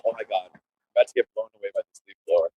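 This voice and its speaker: A man's voice: on the low side, very fast, warm tone, low-quality recording. A man streams live from his phone as he walks outside, talking to his chat in a loose, meandering way. His thoughts drift and restart as he goes, and there is a faint hum of outdoor noise behind him. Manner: loose, rambling and chatty, talks to chat viewers. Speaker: livestreamer. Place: outdoors, walking through a neighborhood.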